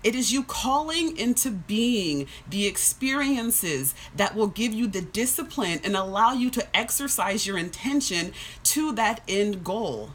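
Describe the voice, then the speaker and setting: A woman's voice: mid-range voice, lively intonation, a little slow, a bit bright, a little hiss or hum. A woman hosting a live stream, talking earnestly and emotionally, near tears, with many restarts. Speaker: fitness social media host. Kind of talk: casual live-stream talk and reading aloud. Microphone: phone.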